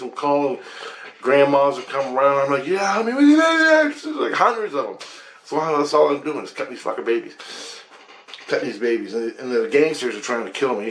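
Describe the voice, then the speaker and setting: A man's voice: medium pitch, slight background noise. A man telling a rambling story about his dreams, profane and agitated. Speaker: vlogger.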